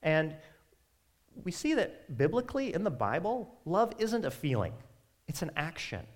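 Animated, lively-voiced male preacher. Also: fairly high pitch. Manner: conversational, animated preaching with quick asides. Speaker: pastor. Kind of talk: sermon.

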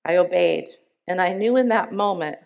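A woman speaking at a church service, reading a member's testimony aloud in an earnest, deliberate way with emphatic pauses. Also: lowish voice, vocal fry, darkish tone, dull audio.

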